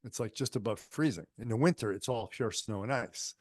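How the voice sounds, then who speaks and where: A man's voice: on the low side, fairly quick, dry recording, clean studio sound. Conversational male healing teacher. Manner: conversational, anecdotal, frequent fillers. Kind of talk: storytelling lecture. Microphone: online lecture microphone.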